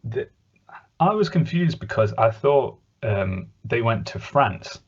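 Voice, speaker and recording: A man co-hosting a cartoon podcast in casual, jokey chat, slipping into quick silly voices. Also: medium pitch, very animated, slightly rough. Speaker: podcast co-host. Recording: dull lo-fi podcast audio.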